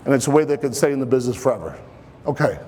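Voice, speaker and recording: A man giving a live seminar presentation to an audience, energetic and a bit out of breath, firing questions at the crowd. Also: mid-range voice, racing, a little hiss or hum. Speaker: financial speaker presenting at an event. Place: event hall with live audience. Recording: long hall reverb.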